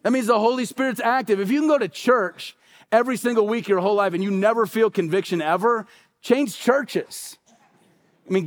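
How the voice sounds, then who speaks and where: A middle-aged man, a pastor, preaching a sermon with emphatic, repeated phrases and acted-out quotes. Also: high voice.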